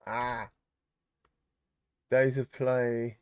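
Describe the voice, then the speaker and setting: A man's voice: mid-range voice, level tone, very slow, clean tone, no room sound. Chatty man greeting live-stream viewers. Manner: chatty, reads out viewer comments and greets them. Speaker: streamer host. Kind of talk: casual live-stream chat.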